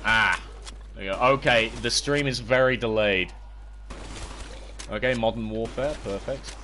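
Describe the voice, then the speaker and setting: Over slight background noise, a young British livestreamer with a mid-range voice talks a little slowly while playing a zombie game. He's excitable, yelping and swearing at the game, and chats casually with his viewers throughout.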